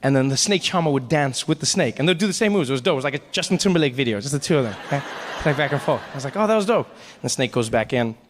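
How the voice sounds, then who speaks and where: A man doing stand-up comedy, telling a story in an animated way and slipping in voices for the people in it. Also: medium pitch, racing, big-room sound.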